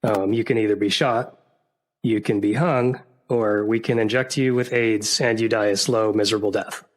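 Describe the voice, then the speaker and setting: A man's voice: fairly low pitch, fairly even intonation, normal speed, close to an everyday voice, poor audio. A man voicing a male prison warden in a told joke, in his own everyday voice and a plain, matter-of-fact manner.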